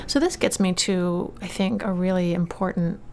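Woman host, gravelly voice, measured questions. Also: lowish voice, fairly even intonation, a little mellow, a little hiss or hum. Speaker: interviewer host. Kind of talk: interview questions.

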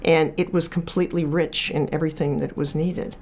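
A woman's voice: sits low, fairly even intonation, fairly quick, darkish tone, a little hiss or hum. A woman author, talking casually as an interview guest and telling stories with lots of fillers and restarts. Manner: chatty storyteller, many restarts and fillers. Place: from Chicago.

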